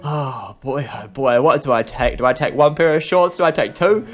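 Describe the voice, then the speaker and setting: A young man, excitable and chatty, hosting an improvised game role-play. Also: mid-range voice, normal speed. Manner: excitable, chatty, lots of laughs. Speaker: video host. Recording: faint music behind.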